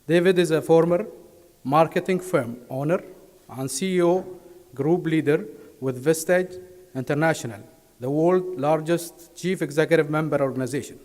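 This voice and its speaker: A man hosting a corporate event, reading a formal, measured introduction of the speaker. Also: fairly high pitch, a little mellow. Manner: reads formally, careful and measured. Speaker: event host. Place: large conference hall. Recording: reverberant hall sound.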